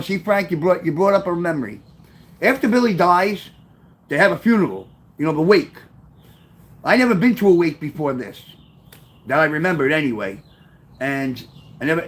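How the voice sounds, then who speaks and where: A man's voice: a little high, animated, fairly quick. A middle-aged man, casually telling memoir stories on a livestream in a rambling, profane way and reading out chat comments. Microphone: webcam.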